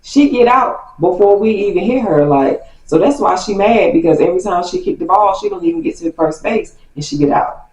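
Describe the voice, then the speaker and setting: A defensive boy cousin shrugs off the blame in a flat, dismissive way, as a woman puts him on. The voice sits back from the mic in an echoey room. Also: mid-range voice, a little fast, voice pushed up, natural voice. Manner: dismissive, matter-of-fact. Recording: roomy, distant from mic.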